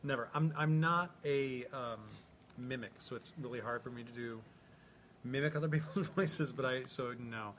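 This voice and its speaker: Casual co-host: a joking, animated man from Illinois with a faint background hum. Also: mid-range voice, normal speed. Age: adult, has kids. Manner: joking, animated, laughs often. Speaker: podcast co-host. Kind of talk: casual chat.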